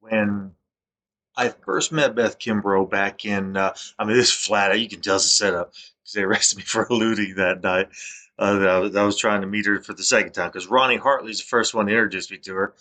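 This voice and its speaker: A man's voice: on the low side, fairly even intonation, fairly quick, bright, forceful tone. A man, talking to camera in a rambling, accusatory monologue that keeps repeating itself. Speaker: vlogger.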